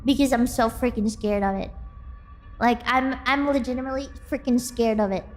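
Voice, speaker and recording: A woman streamer chatting casually with her viewers, excitable and quick to laugh. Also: fairly high pitch, a little hiss or hum. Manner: excitable, bursts into squealing and laughter. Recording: faint music in the background.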